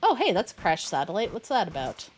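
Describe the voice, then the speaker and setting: A woman's voice: mid-range voice, wildly swooping pitch, quick pace, husky, poor audio. Chatty woman streamer, rambling. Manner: rambling, many fillers and restarts. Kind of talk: casual chat while gaming.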